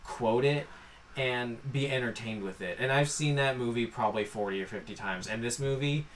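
A man's voice: medium pitch, normal speed, slight background noise. Grumbling man on a podcast. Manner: frank and grumbling. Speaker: podcast co-host. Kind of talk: casual chat.

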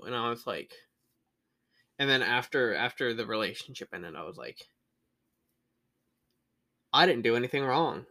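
A man's voice: mid-range voice, lively intonation, measured pace, pauses often, pushed and bright. A man co-hosting a podcast in casual chat, joking and candid about his past. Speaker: podcast co-host.

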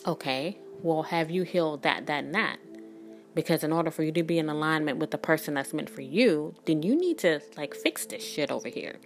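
A spiritual reader and energy worker in her thirties talks candidly and bluntly in a vlog, rambling emphatically with many restarts and "like"s and swearing freely. Her deep voice has lively intonation and moves a little fast over soft background music.

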